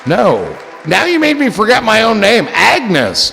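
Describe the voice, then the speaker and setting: A man hosting a loose livestream chat, his gravelly voice swinging up and down as he rambles, jokes and swears. His voice carries a long echo. Music and crowd noise play clearly behind him. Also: high voice, wildly swooping pitch, unhurried. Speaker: livestream host. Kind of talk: casual chat.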